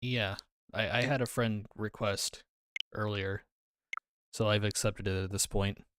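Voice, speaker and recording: This man streams live, rambling casually and responding aloud to his chat in a fairly low, steady, slightly bright voice at an unhurried pace. Music runs beneath his speech, along with slight background noise.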